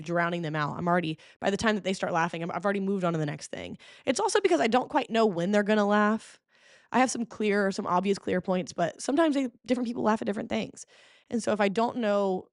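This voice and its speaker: Woman podcaster just chatting, animated storyteller, mid-pitch voice, dry close sound. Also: no echo. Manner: expressive, chatty storytelling with sudden pitch jumps; frequent fillers like "okay?" and "like". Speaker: podcast host. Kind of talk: casual chat.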